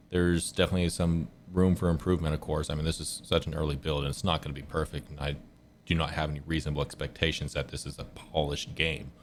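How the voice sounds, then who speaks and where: Male streamer, deep voice, laid-back rambling gameplay commentary with a few swears. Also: a little hiss or hum. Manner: rambling, self-correcting storyteller. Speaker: gaming streamer.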